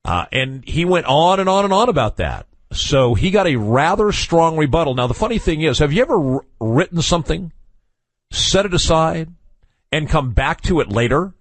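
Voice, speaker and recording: A man's voice: a little high, very animated, normal speed, no echo. A man hosting a radio talk show, chatting casually in a wry, opinionated way with chuckles and asides. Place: radio studio.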